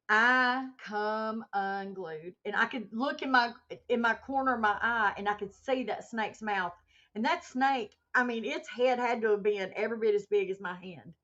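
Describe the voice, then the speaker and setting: A woman's voice: mid-range voice, bright, forceful tone. A woman hosting a casual livestream, telling a story with animation and reading out chat comments as she goes. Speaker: livestream host. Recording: muffled lo-fi stream audio.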